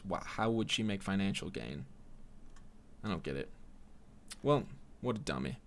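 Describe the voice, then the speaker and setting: Low-voiced guy on his solo podcast, swears a lot, rambles, voice goes up and down a lot. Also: fairly bright tone. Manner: profane, rambling, sardonic. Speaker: podcast host.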